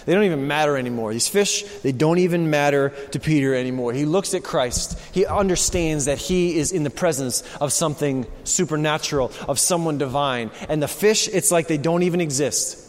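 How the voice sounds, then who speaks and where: High-voiced preacher in a reverberant hall. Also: male voice. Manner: dynamic preaching, swinging from hushed to loud. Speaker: pastor. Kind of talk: sermon. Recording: long reverb of a large hall.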